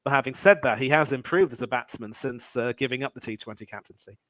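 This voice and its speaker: A man talking as a guest on a sports chat, giving measured analysis hedged with fillers. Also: mid-range voice, a bit bright, no room sound, poor audio. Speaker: guest cricket commentator. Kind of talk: casual sports podcast chat.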